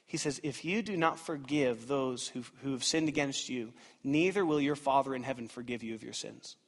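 A man in his thirties preaching a sermon as pastor, animated and dramatic, swinging between loud outbursts and hushed asides. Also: medium pitch, moderate pace. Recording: reverberant church hall.

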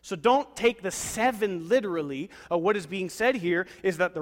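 A man's voice: high voice, moderate pace, hardly any pauses. A man preaching a sermon as pastor, urging the congregation with repeated calls and ending in prayer. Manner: repetitive, exhortative preaching with call-and-response. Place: church sanctuary. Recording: long hall reverb.

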